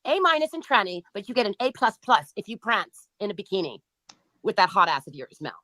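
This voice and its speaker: A woman's voice: mid-range voice, very animated, a little fast, bright, forceful tone, no room sound. A woman hosting a livestream who reads out chat comments and answers them in a mocking, profane and taunting way. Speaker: livestream host.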